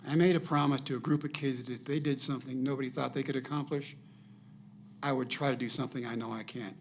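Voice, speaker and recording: A man's voice: mid-range voice, steady tone, fast, a little hiss or hum. An older man, a podcast guest telling a personal story and acting out the dialogue in it.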